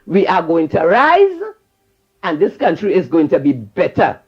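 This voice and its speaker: A man's voice: on the high side, huge pitch swings, unhurried, slightly rough. Fiery Trinidadian man calling in. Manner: fiery, repetitive, preachy. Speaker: caller. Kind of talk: call-in radio rant. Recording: dull phone line.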